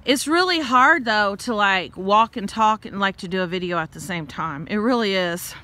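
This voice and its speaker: A middle-aged woman, talking casually while walking outdoors, out of breath, chatty and quick to laugh. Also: medium pitch, fairly even intonation, bright, forceful tone. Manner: chatty, laughs often, rambles into rants. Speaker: vlogger and tarot reader.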